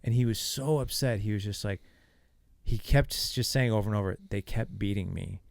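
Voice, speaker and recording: Middle-aged guy guest on a podcast, gravelly low voice, dry close sound, acts out all the quotes. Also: brisk, no room sound. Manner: animated, acts out quoted dialogue. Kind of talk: casual storytelling.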